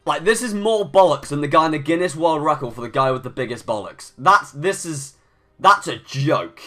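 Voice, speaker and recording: A man's voice: on the high side, lively intonation, brisk, fairly bright tone, faint music behind. A young man giving live commentary over a video game. He thinks aloud, restarts his sentences often and rants when things go against him. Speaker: gaming YouTuber.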